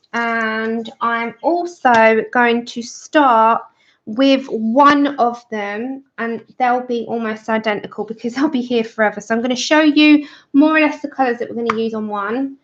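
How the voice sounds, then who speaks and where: A woman hosting a colouring livestream, chatting casually and greeting viewers by name with scatterbrained asides. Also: fairly high pitch. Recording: roomy, dull lo-fi sound.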